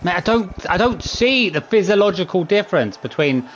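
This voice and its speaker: Exasperated male gamer with lively pitch. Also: normal speed, a little hiss or hum. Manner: exasperated, swears, counts button presses aloud. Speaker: streamer playing a video game. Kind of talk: live gameplay commentary.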